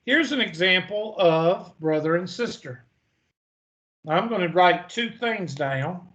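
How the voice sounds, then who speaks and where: A man's voice: high voice, animated, slow pace, a bit bright, dull audio. A man teaching a math lecture in a folksy manner, asking the class questions and answering them himself. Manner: folksy, storytelling, asks and answers own questions. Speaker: math instructor.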